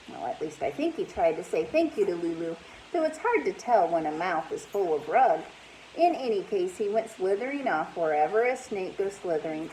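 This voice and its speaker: A woman, a teacher, reading a storybook aloud in an animated way and asking her listeners questions. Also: mid-range voice, slight background noise, low-quality recording.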